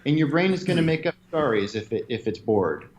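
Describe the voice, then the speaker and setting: A man being interviewed, telling stories in an animated way and laughing now and then. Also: mid-range voice, brisk, a little hiss or hum, low-quality recording. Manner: animated storyteller, laughs often. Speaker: interview guest, gym owner. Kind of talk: conversational interview.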